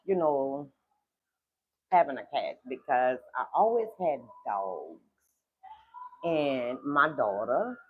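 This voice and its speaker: A woman's voice: lowish voice, creaky, slightly rough. A woman hosting a casual livestream, chatting in a laid-back way with lots of fillers and a drawl. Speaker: livestream host. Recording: dull lo-fi stream audio.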